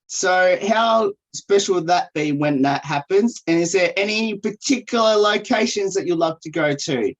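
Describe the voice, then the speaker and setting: Woman radio interviewer, lowish voice, measured and a little hesitant. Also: animated, low-quality recording. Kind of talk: interview questions. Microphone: video call.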